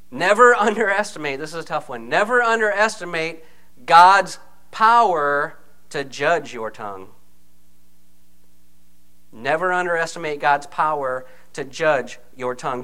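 High, bright-voiced animated male preacher. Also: unhurried, pauses often. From United States. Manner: animated, conversational preaching with frequent "okay?" asides. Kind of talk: sermon.

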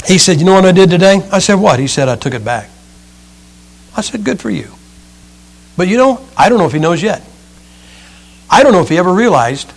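Male preacher with a high voice, emphatic sermon delivery, swings between loud and hushed. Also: creaky.

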